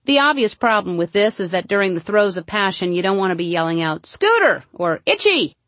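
A woman reading a humorous book aloud, mostly deadpan with sudden playful jumps into high emphasis. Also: fast talker, no echo. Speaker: narrator. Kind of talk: comic audiobook narration.

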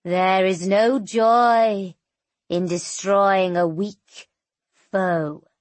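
A woman narrator voicing an ancient, cruel male djinn in an audiobook, speaking slowly and low with gloating menace. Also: steady tone, no echo.

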